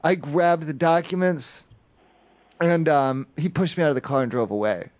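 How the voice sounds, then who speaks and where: A man's voice: on the high side, normal speed, darkish tone. A man making a prank phone call, rambling through a long story with many fillers and restarts. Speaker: prank caller. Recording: muffled phone call audio.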